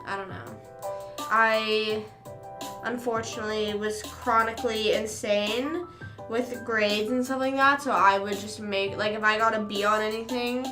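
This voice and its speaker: A young woman streamer chatting casually, rambling through a story with quick asides. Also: fairly high pitch, steady tone. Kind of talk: casual chat. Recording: echoey room with faint music.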